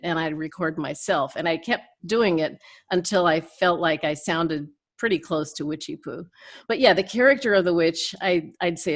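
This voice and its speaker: An older woman, a guest in an interview, telling chatty stories with frequent laughs. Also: deep voice. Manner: chatty, laughs between anecdotes. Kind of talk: casual interview storytelling.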